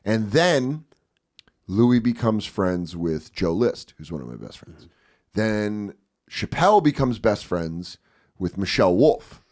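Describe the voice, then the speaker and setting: A man in his thirties, a comedian guest on a podcast, talking casually in a profane, animated way and acting out the people he quotes. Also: lowish voice, slow. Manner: profane, animated storyteller who acts out quotes.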